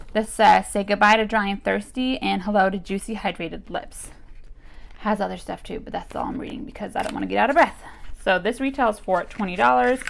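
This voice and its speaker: Chatty woman with a gravelly edge. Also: mid-range voice. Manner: chatty, with many fillers like "like" and "you guys". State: a bit out of breath. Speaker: beauty vlogger. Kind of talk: casual unboxing review.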